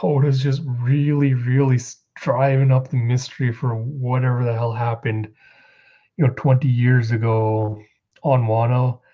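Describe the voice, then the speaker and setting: A man casually recapping comic chapters as a show host, rambling and acting out character lines in quick put-on voices. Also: medium pitch, little pitch movement, muffled recording. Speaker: manga reviewer.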